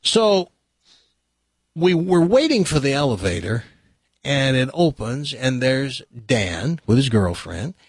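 Husky middle-aged American man telling stories. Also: medium pitch, slow, no echo. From United States. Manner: rambling anecdotes, animated voices for quoted people. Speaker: radio show host. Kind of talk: casual storytelling chat.

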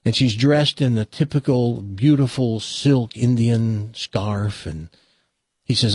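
Husky-voiced man hosting radio talk. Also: mid-range voice, takes it slowly, a little mellow, no echo. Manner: folksy storyteller, acts out quotes. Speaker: radio show host. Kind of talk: casual radio talk and joke telling. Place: radio studio.

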